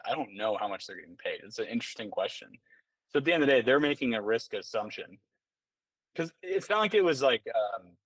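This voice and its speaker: Here a man with a medium-pitched voice rambles as a guest on a podcast, restarting sentences and leaning heavily on "like" and other fillers. It's a casual chat, recorded dry on a mic placed somewhat far away.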